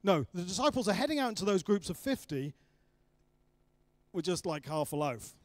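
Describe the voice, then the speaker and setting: Animated man preaching a sermon. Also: sits high, moderate pace, no room sound. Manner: animated storytelling, acting out voices of the disciples.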